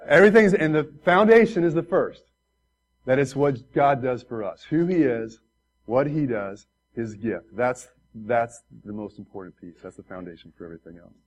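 A pastor preaching an earnest, conversational sermon in a church room, often turning to address the congregation directly. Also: male voice, mid-range voice, lively intonation, moderate pace, rough recording.

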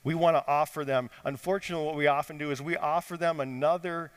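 A pastor preaching a sermon, swinging from lifted, urgent lines down to quiet, low emphasis. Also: male voice, steady tone, fast, smooth. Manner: dynamic preaching, rising and dropping to quiet emphasis. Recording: long hall reverb.

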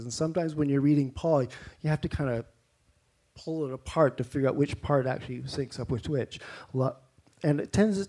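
A man's voice: fairly high pitch, a little mellow. A man with a Canadian accent preaching a sermon in a conversational way, with rhetorical questions and mock-incredulous asides.

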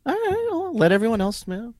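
A man's voice: extremely high pitch, a little fast. A man co-hosting a casual podcast chat, telling a story with a lot of swearing and breaking into laughter often. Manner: laughing, profane, lively storytelling. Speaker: podcast co-host.

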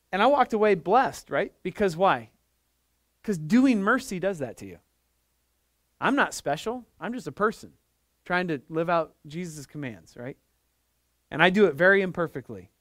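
A man in middle age delivers a church sermon in a high, bright-edged voice. He moves between storytelling and fervent, emphatic preaching. The sound is dry and close, with no room echo. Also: lively intonation, measured pace, pauses often. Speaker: pastor.

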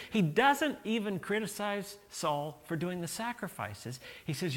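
Male pastor, middle-aged, bright and slightly high voice, animated storytelling sermon. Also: unhurried, few pauses. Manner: animated storytelling with acted-out quotes.

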